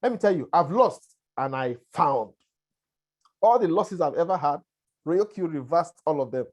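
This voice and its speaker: A man's voice: fairly high pitch, animated, normal speed, darkish tone. A man with a lingering cough gives a conversational webinar presentation. He keeps checking in with listeners. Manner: conversational, repetitive, checks in with "all right" and "right". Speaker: presenter on a conference call.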